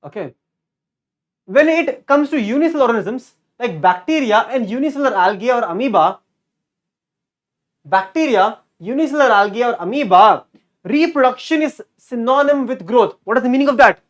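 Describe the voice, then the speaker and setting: Man, teacher, live online lecture, energetic, repeats key terms, quizzes the chat. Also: extremely high pitch, a little fast. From India.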